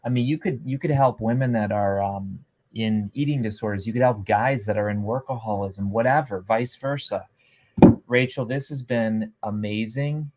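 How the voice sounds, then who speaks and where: A man hosting a live stream interview, talking with energetic, salesy push and repeating himself. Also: lowish voice, moderate pace, slight background noise. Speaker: host.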